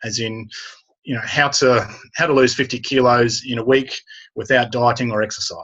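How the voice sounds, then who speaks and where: A husky-voiced man talks through his copywriting advice in a relaxed interview and hammers his main points home by repeating them. The audio is dull and lo-fi. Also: medium pitch, normal speed. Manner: emphatic, repeats key phrases. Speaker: copywriter guest. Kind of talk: casual interview chat.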